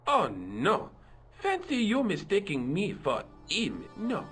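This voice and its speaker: An actor playing a fussy, self-important museum guard in a game. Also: male voice, sits high, wildly swooping pitch, takes it slowly, exaggerated voice. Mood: pompous. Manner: pompous, affected, self-important. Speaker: game character. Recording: game audio with soft music.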